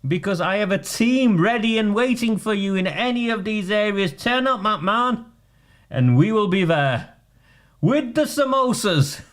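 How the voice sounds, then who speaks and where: Brief: man doing a high, mocking caricature voice that drawls its jeers. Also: expressive. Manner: mocking, sing-song, drawn-out taunts. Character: shrill taunting man in a put-on accent.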